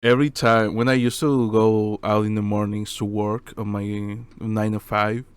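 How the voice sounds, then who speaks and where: Man, podcast co-host, casual chat, smooth resonant voice, dry close mic. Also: on the low side, flat delivery, normal speed, dry recording. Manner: laughing often, swearing, loose non-native phrasing.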